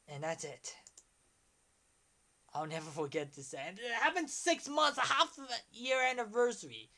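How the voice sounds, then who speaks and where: A young man in his twenties on a casual livestream, talking excitedly and rambling, often trailing off. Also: high-pitched. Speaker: streamer.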